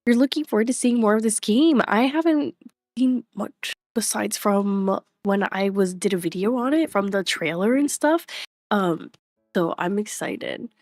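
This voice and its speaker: A woman's voice: mid-range voice, unhurried, darkish tone, no room sound, studio quality. A young woman chatting casually on a live stream, greeting viewers by name and laughing often, recorded at home on a desk microphone. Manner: chatty, reads chat names aloud, frequent laughs. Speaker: livestreamer.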